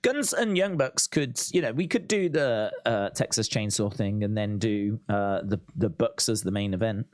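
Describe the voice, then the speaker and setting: A man's voice: on the low side, lively intonation, normal speed, few pauses, no echo, clean studio sound. A man hosting a live wrestling watch-along, chatting casually and reading out viewer comments. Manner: chatty, reads out viewer comments, laughs often.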